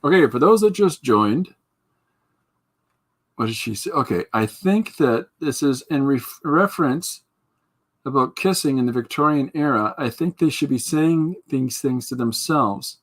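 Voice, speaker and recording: A man's voice: mid-range voice, expressive, measured pace. A man hosting a podcast livestream, chatting casually while he draws, greeting viewers by name and reading their comments aloud, and laughing at his own jokes. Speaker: podcast host.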